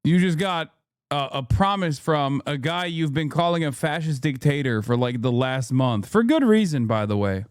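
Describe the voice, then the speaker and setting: A man's voice: fairly high pitch, lively intonation, moderate pace, smooth, dry recording, studio quality. A man streaming as a commentator, reacting to news clips in heated, sarcastic rants and mocking impressions.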